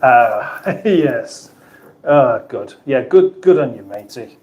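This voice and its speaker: A middle-aged man from the UK chats loosely on his own livestream. He rambles through viewers' comments with playful banter and frequent restarts, and his voice sits at an ordinary middle pitch. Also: lively intonation, slow pace, muffled recording. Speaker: livestream host. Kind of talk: casual live chat reading viewer comments.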